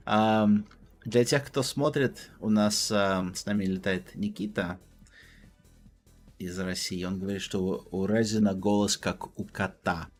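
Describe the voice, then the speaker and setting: A man's voice: on the low side, steady tone, a little slow, soft background music. A man hosting a live stream, calling a competitive match in a casual, joking way. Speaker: host.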